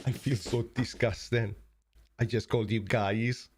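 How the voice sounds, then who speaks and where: A man's voice: on the low side, steady tone, unhurried. Rambling man hosting a livestream. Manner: rambling, self-mocking, many fillers. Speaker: livestream host. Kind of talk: casual livestream chat.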